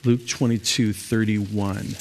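A man's voice: lowish voice, level tone, slow pace, a little mellow, a little hiss or hum. A man leading an evening Bible study as pastor, talking through scripture in a conversational way with fillers and restarts.

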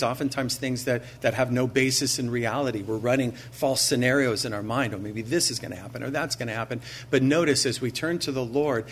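A man preaching a sermon in an earnest, conversational way, asking his listeners rhetorical questions and slowing down to stress key phrases. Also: mid-range voice, fairly bright tone, slight background noise. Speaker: pastor.

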